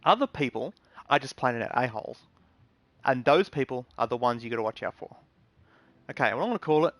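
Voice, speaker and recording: A man's voice: mid-range voice, lively intonation, a little fast, a bit bright, no room sound. A man streaming games, chatting casually and giving earnest advice to viewers with lots of ums and restarts. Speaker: game streamer. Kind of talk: casual live-stream talk.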